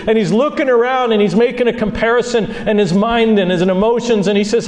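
A man preaching a sermon as pastor, earnest, moving between soft asides and loud, high-pitched bursts. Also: fairly even intonation, fairly quick, hardly any pauses, in a large hall.

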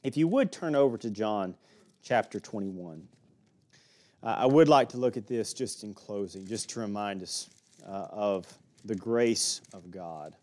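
A man's voice: on the low side, a little slow, a little mellow. A man with an Alabama accent, preaching a sermon and teaching through a Bible passage in a folksy way with small jokes. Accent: Southern US (Alabama).

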